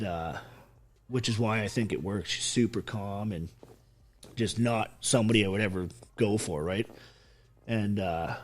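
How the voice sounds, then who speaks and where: In a relaxed interview, this lowish-voiced podcast guest, a man in his thirties who served as a soldier in Canada, recounts his life. The retelling is animated and full of swearing.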